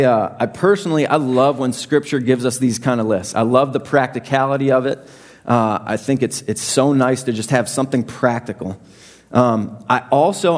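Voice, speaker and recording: Young man preaching a casual sermon. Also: mid-range voice. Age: young adult. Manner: conversational, self-deprecating, animated asides. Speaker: pastor.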